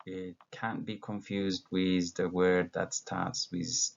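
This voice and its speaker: A man teaching an English vocabulary lesson, patient and slow, with many fillers and self-corrections. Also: low voice, level tone, vocal fry. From Ethiopia. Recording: dull lo-fi recording.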